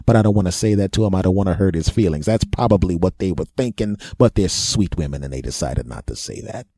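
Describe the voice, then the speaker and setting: A man's voice: deep voice, fast, hardly any pauses, mellow, no echo. A middle-aged man hosting a podcast, telling a self-mocking comic story and laughing at his own jokes. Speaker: comedy podcast host.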